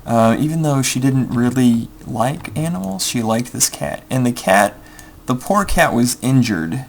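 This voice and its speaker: Rambling young man with a gravelly voice. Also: medium pitch, lively intonation, measured pace, a little hiss or hum. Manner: rambling with many ums, mutters game steps under his breath. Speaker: gameplay video creator. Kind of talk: casual storytelling over gameplay.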